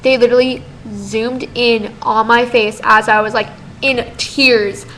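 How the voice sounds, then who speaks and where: A fifteen-year-old girl telling a story in a casual vlog, chatty and animated, full of "like". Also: a little high, a little slow, slight background noise, rough recording. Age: teens. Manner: chatty, lots of "like", animated retelling. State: tired. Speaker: vlogger.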